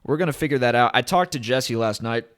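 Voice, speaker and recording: A man hosts his own vlog, talking straight into a desk camera. He rambles from point to point with loud, eager enthusiasm. His voice sits at an ordinary middle pitch. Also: fast. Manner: rambling, enthusiastic, hype-driven. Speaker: crypto channel host.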